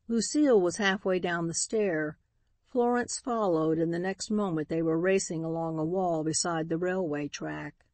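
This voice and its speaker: A woman reads an audiobook in a steady, even narrating voice. Her pitch sits slightly low. The recording is close and dry, with no room sound. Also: unhurried, no room sound. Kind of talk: scripted narration.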